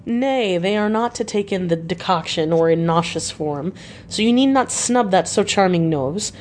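A woman's voice: fairly low pitch, lively intonation, moderate pace, darkish tone, a little hiss or hum, lightly acted. A woman doing a stern old Dutch professor. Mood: coaxing. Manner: broken English, grave and fatherly.

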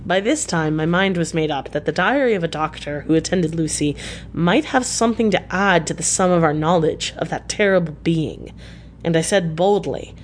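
A woman reading a classic novel aloud as scripted narration, in a measured, even way. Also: on the low side, slight background noise. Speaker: audiobook reader.

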